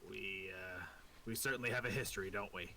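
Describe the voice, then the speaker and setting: A man voicing a brooding, secretive male gnome in a tabletop game, talking low and slow with a quiet menace. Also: gravelly, slight background noise. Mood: sly.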